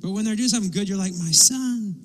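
A man preaching a sermon as pastor, lively, often acting out quotes and asides. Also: high voice, very fast, long reverb tail, slight background noise, low-quality recording. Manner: animated, acts out quotes and asides. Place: church sanctuary.

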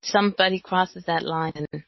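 Soft-spoken woman, chatty and hesitant. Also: lowish voice, fairly even intonation, moderate pace, vocal fry, dry recording. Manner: hesitant, with fillers and laughs. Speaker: co-host. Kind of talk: casual chat. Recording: dry, dull lo-fi sound.

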